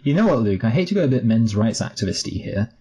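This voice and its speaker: Fast and very animated, this podcast co-host has a medium-pitched, warm, slightly rough voice. His casual film review chat is rambling and wry, full of false starts.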